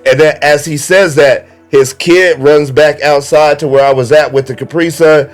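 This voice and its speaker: A man casually telling funny stories in a relaxed chat, acting out the quoted lines. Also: fairly high pitch, moderate pace, few pauses, faint music behind. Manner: animated storyteller, acts out quoted lines. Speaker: guest comedian.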